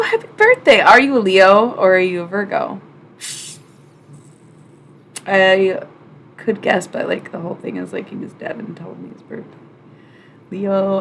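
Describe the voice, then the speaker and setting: A young woman streamer reads oracle cards live and chats loosely with her viewers. She talks in a slightly low voice, swears freely and leans on filler words. Her delivery jumps into loud, excited outbursts, and faint noise hums behind her. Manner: chatty, profane, full of "like" fillers.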